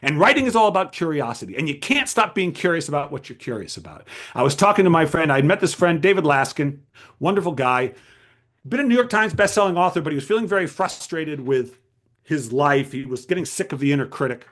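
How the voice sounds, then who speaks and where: A man lecturing a writers' group with a high, lively voice that swings widely in pitch. He speaks emphatically, posing rhetorical questions and repeating key phrases. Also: fairly quick. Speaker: writing coach giving a talk.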